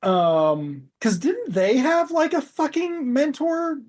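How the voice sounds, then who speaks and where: A man's voice: very high voice, lively intonation, takes it slowly, a little mellow. A man co-hosting a podcast, recapping scenes in a rambling, sarcastic way, with swearing and trailing asides. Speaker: podcast co-host. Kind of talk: casual podcast chat.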